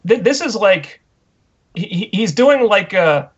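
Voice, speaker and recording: A man's voice: high voice, sing-song, measured pace, slightly rough. A man co-hosting a casual wrestling podcast, ranting with mocking disbelief. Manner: incredulous, mocking rant. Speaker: podcast co-host. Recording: dull lo-fi audio.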